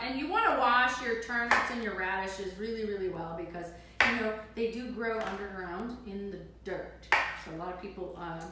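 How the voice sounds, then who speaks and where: A woman hosting a live cooking demonstration, chatty and playful, with many fillers and restarts. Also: mid-range voice. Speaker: cooking show host. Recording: echoey room, far from the mic, noisy.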